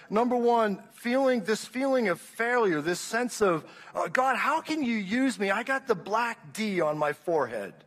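Impassioned high-voiced man preaching in a church hall. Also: a bit bright. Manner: impassioned storytelling with frequent restarts. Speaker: pastor. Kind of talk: sermon testimony.

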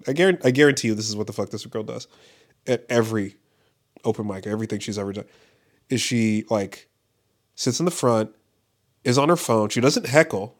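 A man who does stand-up, ranting casually and profanely, rambling with lots of "like" and frequent laughs. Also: mid-range voice. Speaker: stand-up comedian. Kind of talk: casual podcast-style rant. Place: Los Angeles area.

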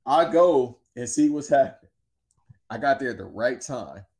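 A man in easy conversation, spinning a story with lots of slang and lively asides. His pitch sits in an ordinary middle range, and he talks in a loose, laid-back way. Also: moderate pace. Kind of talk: casual storytelling chat.

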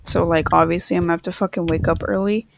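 A woman's voice: lowish voice, fast talker, gravelly. A young woman chatting casually, blunt and swearing often as she tells stories. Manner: blunt, swears a lot, animated storytelling. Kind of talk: casual chat.

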